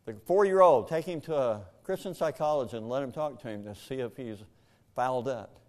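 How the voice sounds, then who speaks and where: An older man, a pastor, preaching a sermon and telling a painful family story, jumping between shouted questions and hushed, heavy passages. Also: mid-range voice, fairly quick.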